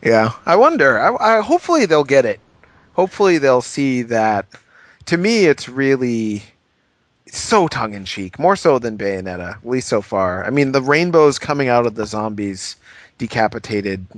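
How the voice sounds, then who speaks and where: A man's voice: mid-range voice, animated, measured pace, no room sound. A man co-hosting a gaming podcast, playful and upbeat, asking a lot of questions in casual chat. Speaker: podcast co-host.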